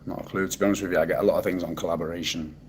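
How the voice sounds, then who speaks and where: A man's voice: deep voice, fairly even intonation, very fast, slight background noise. A man with a Manchester accent, chatting casually on a livestream and answering his chat with dry sarcasm. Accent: Mancunian. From Manchester, England. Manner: laid-back, dry and sarcastic, swears casually. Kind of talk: casual live-stream chat.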